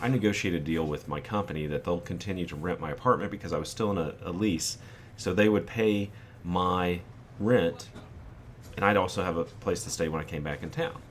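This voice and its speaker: Speaking low and briskly, a forties-aged gaming channel host rambles through an anecdote from his life during gameplay, voicing the quotes himself. The recording carries a faint hiss or hum.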